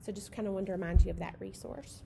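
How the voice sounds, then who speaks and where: A woman leading a children's library storytime, cheerful and chatty, with fillers and quick asides. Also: mid-range voice, steady tone, gravelly, warm tone, a little hiss or hum.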